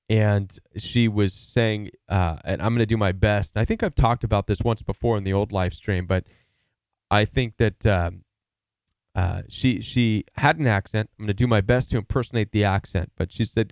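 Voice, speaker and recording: A man's voice: on the low side, normal speed, darkish tone, no echo. A man hosting a live stream, giving earnest, emphatic advice and telling stories in a casual way. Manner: emphatic, earnest, storytelling with repeated words. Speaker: live stream host, relationship advisor.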